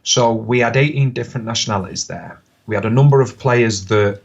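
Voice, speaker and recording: A middle-aged man, a podcast guest telling lively football stories in casual chat. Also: medium pitch, gravelly, slightly rough. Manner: animated anecdotes, quick bursts, laughs often. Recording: slightly dull lo-fi podcast audio.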